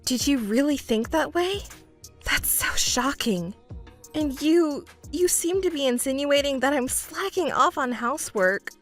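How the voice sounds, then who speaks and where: A woman's voice: sits high, lively intonation, a little slow, faint music behind. A woman voicing a young overworked fiancée who pleads and argues back defensively. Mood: pleading. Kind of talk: texting story voice acting.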